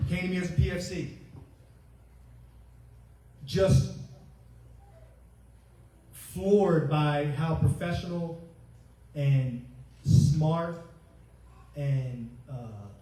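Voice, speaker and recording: Recorded from far off in an echoey hotel ballroom, a man in his forties, a retiring Marine master gunnery sergeant, gives a humorous ceremony speech. His voice is fairly high, warm and expressive, and he goes slowly with frequent pauses while acting out remarks he once made.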